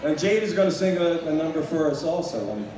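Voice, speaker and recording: A man's voice: a little high, lively intonation, a little fast. Jovial man announcing in a hall. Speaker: concert emcee. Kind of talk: stage announcement. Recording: echoey hall from far off, crowd.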